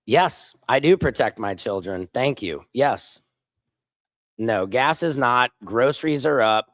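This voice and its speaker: A man's voice: medium pitch, animated, takes it slowly, a bit bright, dry recording. Combative man ranting on a livestream. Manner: combative, mocking, reads chat comments aloud. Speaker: livestream host. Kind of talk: casual political livestream rant.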